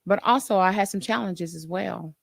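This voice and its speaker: A woman nurse hosting her own show, chatting to listeners in a lively way and acting out her own past reactions. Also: mid-range voice, normal speed, creaky, no room sound, clean studio sound. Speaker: nurse and podcast host. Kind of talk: casual storytelling to listeners.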